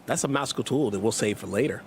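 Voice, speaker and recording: Talking fast in a medium-pitched, slightly mellow voice, a man streams his gameplay and reads chat messages aloud. He's playful and jokey, with sarcastic side comments, and a little hiss or hum sits under the recording.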